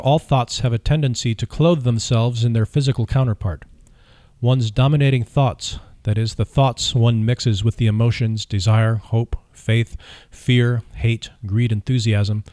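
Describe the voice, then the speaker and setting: A man reading an audiobook dialogue of questions and answers in a measured, even way. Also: medium pitch, dry recording, studio quality. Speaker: audiobook reader. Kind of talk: scripted audiobook narration of a dialogue.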